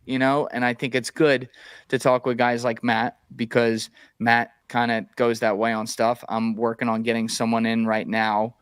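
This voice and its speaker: A man in a loose podcast chat, mid-pitched and plain-spoken, who swears freely and gets worked up as he argues. He sits close to the mic, and the sound is dry with no room echo. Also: normal speed, smooth. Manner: blunt, profane, animated opinions. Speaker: podcast guest. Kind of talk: casual podcast conversation.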